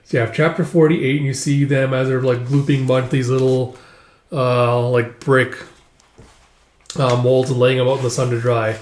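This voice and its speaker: A man's voice: medium pitch, level tone, normal speed, a little mellow. A man casually retelling a comic book, narrating loosely with lots of filler. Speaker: manga reader. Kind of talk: casual read-through narration. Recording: echoey room.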